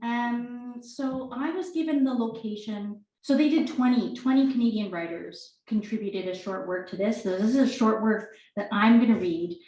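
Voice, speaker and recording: A woman's voice: a little high, moderate pace, few pauses, mellow, lo-fi sound. Chatty woman reading in an echoey room. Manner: chatty, self-deprecating, laughing between lines. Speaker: author reading her work. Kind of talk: live reading at a book launch. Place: bookstore event room indoors.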